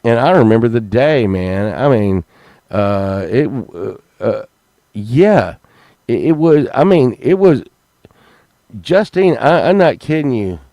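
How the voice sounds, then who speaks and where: A man telling rambling comic stories in a halting way, full of fillers and restarts. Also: medium pitch, expressive, mellow, no echo. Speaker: comedy podcast host.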